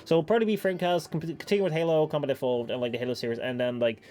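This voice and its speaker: A man's voice: fairly even intonation, racing, a little mellow. A young man with a Dutch accent chatting casually with his live stream audience, rambling with lots of "like" and frequent laughs. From Netherlands. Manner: rambling, lots of "like", laughs often, sudden high squeaky bits.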